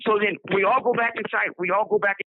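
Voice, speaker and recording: A man's voice: high-pitched, steady tone, quick pace, dry recording. A man from Southern California telling his own story in a rambling, casual way, repeating words and acting out what people said. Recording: dry tinny phone line.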